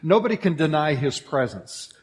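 A man's voice: a little high, animated, moderate pace. Male pastor in a reverberant church. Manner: jokey, loud call-outs to the congregation. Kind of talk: sermon with banter. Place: church auditorium. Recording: long hall reverb in a church.

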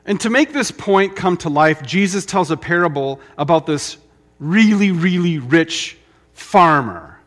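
Male pastor, middle-aged, slow deliberate delivery, slightly high voice, emphatic pauses. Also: animated, a bit bright, soft background music. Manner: emphatic, dramatic pauses, repetition. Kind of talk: sermon.

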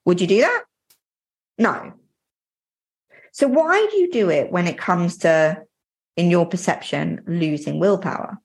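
Lively, husky-voiced woman podcast coach. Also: lowish voice, a little slow, pauses often. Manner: earnest and coaching, addresses listener directly; plain-spoken, slightly informal. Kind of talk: motivational podcast talk.

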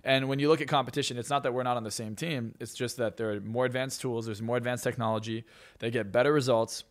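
A man's voice: mid-range voice, fairly even intonation, quick pace. A man who is a hypnotist and success coach, telling stories in a podcast interview with a boastful, self-assured manner.

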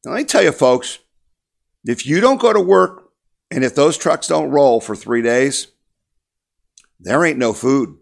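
A man's voice: mid-range voice, expressive, a little slow, gravelly, pauses often. A man giving an impassioned political monologue as a talk host, emphatic and repetitive, rallying his listeners.

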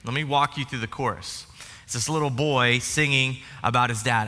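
A man's voice: mid-range voice, normal speed, pushed and bright. A male pastor giving a sermon in a church, talking conversationally with humor and asides. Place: church sanctuary. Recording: reverberant church hall.

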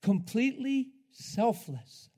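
A man preaching a sermon in an animated way, laughing often and swinging between loud, drawn-out lines and hushed ones. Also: very high voice.

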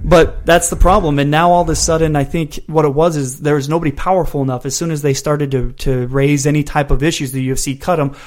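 A man's voice: fairly high pitch, flat delivery, fast talker, hardly any pauses. A man who works as a criminal law attorney, co-hosting a casual sports podcast and explaining things with legal and historical comparisons.

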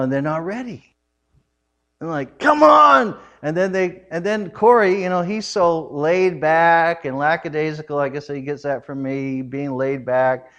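Give me a middle-aged male preacher with a slightly high voice, telling stories in an animated, laughing way. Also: muffled recording. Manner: animated, laughing often, loud acted quotes. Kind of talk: humorous storytelling sermon.

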